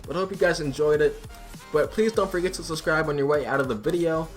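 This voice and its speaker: A teenage gaming host telling a school story over gameplay in a chatty, profane, laughing way. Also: male voice, fairly high pitch, quick pace. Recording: music playing behind the voice. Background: background music.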